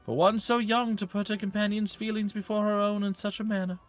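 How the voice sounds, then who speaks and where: A man voicing a loyal, protective older knight who speaks in slow, formal, old-fashioned words while reading game dialogue aloud. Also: sits high, level tone, soft background music, pitched above the performer's own voice, close to an everyday voice. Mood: solemn. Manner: archaic formal speech, slow and stately.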